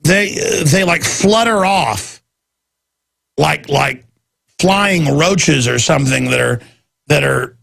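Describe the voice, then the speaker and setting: A man with a Texas accent hosting a talk radio show, ranting and mocking people in a gravelly, husky voice. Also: a little high, slow, pauses often, fairly bright tone.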